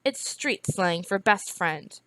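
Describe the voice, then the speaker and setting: A woman reading aloud, voicing a sharp-tongued woman healer who speaks mockingly and scornfully. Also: a little high, expressive, moderate pace, dry recording.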